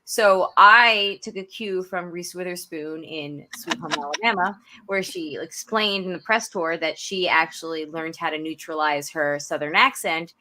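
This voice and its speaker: Woman, Long Island accent, bright ringing tone, chatty podcast co-host, quick laughs, restarts. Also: fairly low pitch, slight background noise. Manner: laughs often, restarts phrases. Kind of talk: casual chat.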